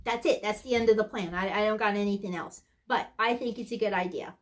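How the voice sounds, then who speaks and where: A woman's voice: mid-range voice, fast talker, close to an everyday voice. A woman playing a sarcastic, blunt cruise guest-services worker in a comedic character monologue, ranting with exasperated asides.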